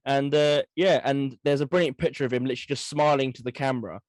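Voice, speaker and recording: A man co-hosting a casual history podcast, telling stories quickly and eagerly. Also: medium pitch, steady tone, a little mellow, no echo. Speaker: podcast co-host.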